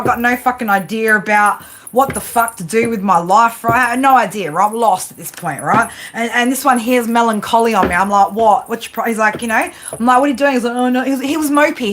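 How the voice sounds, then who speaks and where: With background noise behind her, a woman with a fairly high voice does live tarot readings. She rambles, swears a lot, and delivers blunt tough love, ending line after line with "right?"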